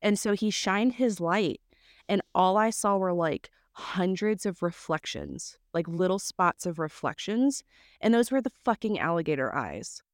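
A young adult woman, co-hosting a podcast and telling a story in a lively, casual way that acts out what people said. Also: on the low side, unhurried, dry recording, clean studio sound. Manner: animated storyteller who acts out quotes and swears casually. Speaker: podcast co-host.

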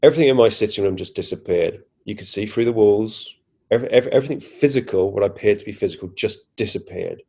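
A man's voice: fairly low pitch, fast, mellow, slightly rough. A man, a podcast guest animatedly retelling a personal experience, acting out his own reactions with frequent restarts. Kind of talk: casual first-person storytelling.

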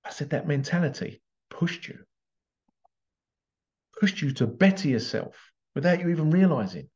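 A man's voice: a little high, lively intonation, normal speed, darkish tone, dull audio. A man telling a story as a parent in a casual motivational talk, acting out the voices of the people in it. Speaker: parent giving life advice.

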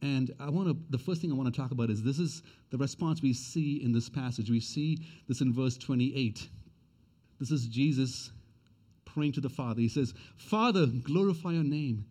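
A man's voice: mid-range voice, moderate pace, dark tone. A man preaching a sermon as pastor. He speaks earnestly and repeats his key questions for emphasis.

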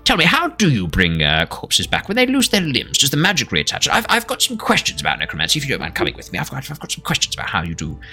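A man voicing a fussy, eccentric male scientist with stilts and goggles, talking in a high, impatient, eager voice. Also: wildly swooping pitch, fast talker, hardly any pauses, bright, forceful tone, breathy edge, soft background music, exaggerated voice. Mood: eager, curious.

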